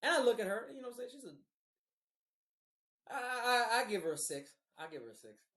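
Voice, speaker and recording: A young man co-hosting a podcast, telling stories in an animated, profane, slangy way and laughing often. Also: extremely high pitch, brisk, reverberant. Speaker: podcast co-host. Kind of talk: casual storytelling chat.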